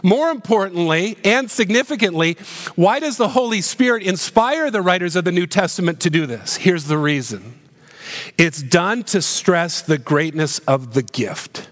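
High-voiced male pastor in a reverberant hall. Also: lively intonation, a bit bright. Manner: earnest, questioning, slows down on key phrases. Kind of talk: sermon.

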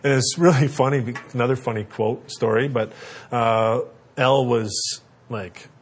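A man's voice: mid-range voice, fairly even intonation, a little slow, husky. A middle-aged man giving earnest, conversational parenting advice with frequent fillers. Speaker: parenting speaker. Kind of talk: instructional talk.

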